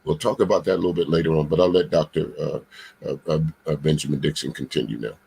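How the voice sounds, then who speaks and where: A man hosting casual commentary, rambling and searching for words in a husky voice. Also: rumbling low, steady tone, fast, warm tone. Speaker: host.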